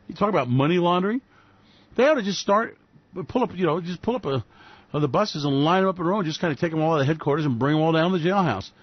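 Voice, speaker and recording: A man's voice: on the high side, no room sound, dull audio. A man hosting a radio show, ranting in a sarcastic, profane, mocking way. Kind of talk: solo financial commentary rant.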